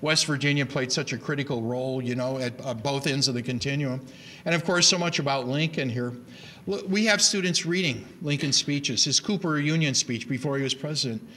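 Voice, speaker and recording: Bright-voiced man lecturing with emphasis. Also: fairly high pitch. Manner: animated, emphatic, with many repeated starts. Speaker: reading education speaker. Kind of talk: lecture to an audience.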